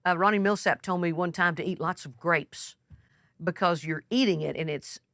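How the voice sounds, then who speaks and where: A woman's voice: lowish voice, moderate pace, fairly bright tone. A woman giving an earnest, folksy masterclass talk. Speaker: country singer teaching a masterclass.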